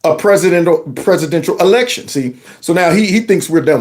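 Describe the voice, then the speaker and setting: A man's voice: fairly high pitch, lively intonation, brisk, few pauses, darkish tone. A man hosting a political commentary show, reacting to news clips with sarcastic, mocking rhetorical questions and casual colloquial talk. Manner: casual colloquial speech with y'all.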